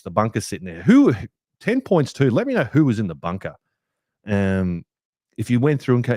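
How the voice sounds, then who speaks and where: A young Australian man hosting a fan podcast, ranting heatedly with plenty of swearing, a little rough from a hangover. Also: fairly low pitch, moderate pace, dry recording, clean studio sound. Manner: heated, sweary rant with lively swings. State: hungover, rough voice. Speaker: podcast host. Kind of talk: fan podcast match review.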